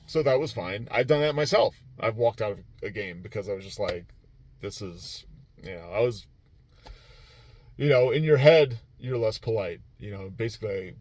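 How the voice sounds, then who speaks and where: This man, who runs tabletop games at a convention, chats through a rambling weekend recap for his vlog, full of fillers and restarts and quick laughter. His voice is on the low side and darkish in tone, animated, at a moderate pace.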